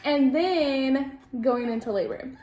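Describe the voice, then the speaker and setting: A young woman chats through a long personal story, rambling and full of "like", quoting people in lively bursts. Her voice sits a little high, and the room around her rings with echo. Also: takes it slowly, a little hiss or hum. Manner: rambling, lots of "like", animated quoting. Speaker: vlogger telling her labor story. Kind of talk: casual storytelling chat. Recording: echoey room.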